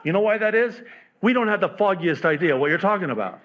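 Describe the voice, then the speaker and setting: A man's voice: sits high, animated, fast talker, muffled recording. A male pastor preaching a sermon in a candid, self-deprecating, humorous way.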